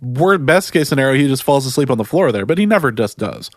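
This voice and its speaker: A man's voice: mid-range voice, lively intonation, fast, no echo, studio quality. A man co-hosting a podcast, chatting casually and joking, laughing often and slipping into goofy put-on voices. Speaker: podcast co-host. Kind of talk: casual comedic chat.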